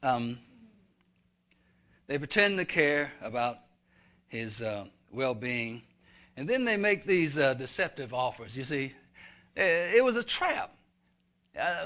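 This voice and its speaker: A man preaching a sermon emphatically, building to fervent, loud passages. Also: on the high side, expressive, measured pace, pauses often. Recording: dull lo-fi recording.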